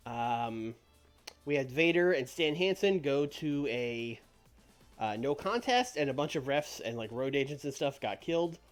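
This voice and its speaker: Rambling streamer with soft music behind. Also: male voice, medium pitch, expressive, a little slow. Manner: rambling, many fillers. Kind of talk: casual game commentary.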